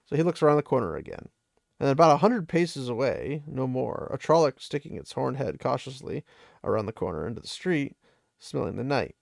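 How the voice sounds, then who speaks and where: A man retells a story in a relaxed, chatty way, with loose phrasing and the odd laugh. His mid-range voice has a gravelly texture. The recording is dry and close. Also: mid-range voice, no echo. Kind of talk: casual book retelling.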